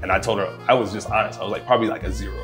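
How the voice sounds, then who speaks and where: A man's voice: lowish voice, steady tone, racing, music in the background. A man being interviewed, recounting events in a laid-back, casual way and quoting dialogue. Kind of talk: casual storytelling.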